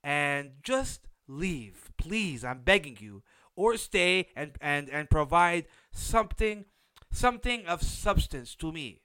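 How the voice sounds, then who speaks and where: A man's voice: on the high side, big pitch swings, slow, bright, forceful tone, clear, resonant tone, no echo. A man hosting a podcast, giving a blunt, opinionated recap of a reality show in a casual, unsympathetic way. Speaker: podcast host.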